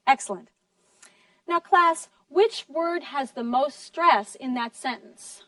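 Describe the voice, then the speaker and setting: High, slow-speaking woman teacher. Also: sharp tone, no room sound, distant mic. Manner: slow, deliberate, encouraging, models sentences clearly. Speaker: English teacher. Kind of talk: classroom lesson in two languages.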